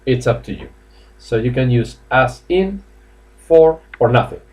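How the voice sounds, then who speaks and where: Spanish-accented man, mid pitch, teaching an online English class, chatty, coaxing students. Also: expressive, a little slow, darkish tone. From Spain. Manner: chatty, coaxing, laughs often, many fillers. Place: classroom or office indoors.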